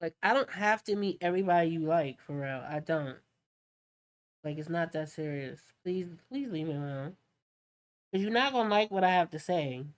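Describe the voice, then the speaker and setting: A woman hosting a painting stream, a mother telling stories in a casual, animated way and acting out what others say. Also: fairly low pitch, normal speed. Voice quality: animated storytelling, acts out quoted talk. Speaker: art channel host.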